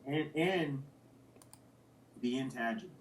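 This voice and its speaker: A man in an interview, retelling boxing stories in a casual, animated way and acting out what others said. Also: medium pitch, takes it slowly, slight background noise, low-quality recording. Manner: animated, acts out quotes with voice jumps. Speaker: interview guest, retired boxer.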